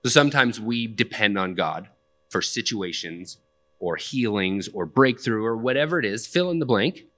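A man's voice: lowish voice, expressive, normal speed, bright, forceful tone. A young man preaching a sermon in a conversational, plainspoken way, with casual asides. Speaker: pastor.

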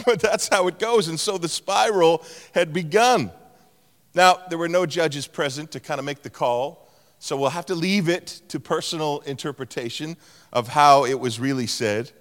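A middle-aged man preaching a sermon in a large church, telling stories and playfully mimicking voices. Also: measured pace. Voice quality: animated storytelling with playful mimicry of a higher-pitched tone. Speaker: pastor. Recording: long hall reverb.

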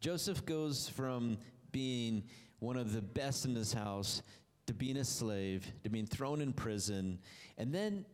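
A man delivering a sermon to a congregation at a medium pitch. His storytelling is animated, and his voice swings up high and then sinks low to stress his points. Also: takes it slowly. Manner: animated storytelling, voice rising and dropping low for emphasis. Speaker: preacher.

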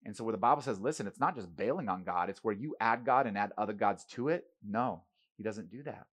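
A man's voice: lowish voice, fast. Male pastor, casual but emphatic sermon delivery. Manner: emphatic, conversational, asks the crowd "right?".

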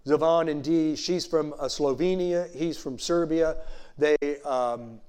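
A male pastor preaching a sermon in a conversational way, full of "you know" asides and slowing down to stress key phrases. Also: a little high, a little mellow, clear, resonant tone. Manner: slows down to stress scripture phrases.

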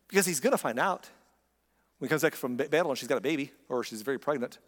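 A man's voice: medium pitch, animated, fast talker, a bit bright, long reverb tail. A man preaching a sermon in a conversational, emphatic way, full of rhetorical questions. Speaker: pastor.

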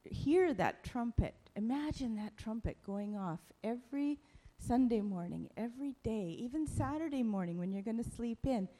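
A woman speaking to a congregation in a lively, animated way, with a slightly high voice. She is playful and cheerfully mocks herself as she talks. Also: normal speed. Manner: playful, self-mocking, animated. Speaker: church speaker. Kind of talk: lively sermon talk.

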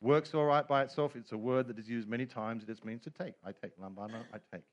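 A man's voice: medium pitch, fairly even intonation, quick pace, lo-fi sound. A middle-aged man preaching a sermon as pastor, telling stories with humor and quoted voices.

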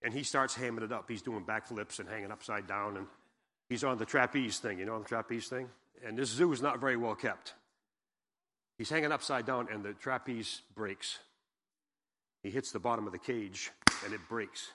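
A man with a lowish, bright voice preaches at normal speed and with force as a guest pastor in a church sanctuary, telling a folksy joke before reading and explaining scripture. He often puts questions to the congregation. Long hall reverb fills the recording, with slight background noise.

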